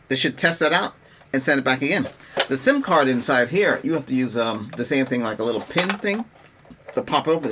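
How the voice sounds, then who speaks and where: A man's voice: mid-range voice, pushed and bright, a little hiss or hum. A middle-aged man rambling in an exasperated, casual rant as a tech vlogger, restarting his sentences often. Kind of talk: casual ranting vlog.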